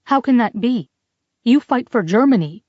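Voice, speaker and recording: A woman's voice: on the high side, lively intonation, normal speed, no room sound, dull audio, pitched above the performer's own voice. A woman voicing a frightened, suspicious young woman who questions everything. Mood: wary. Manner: wary, questioning.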